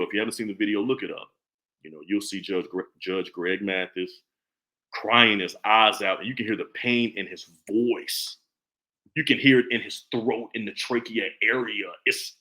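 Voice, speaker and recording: A man in his forties giving a casual, preachy opinion monologue, animated and repetitive. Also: mid-range voice. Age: 40s. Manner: animated, preachy, repeats himself. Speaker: commentary vlogger.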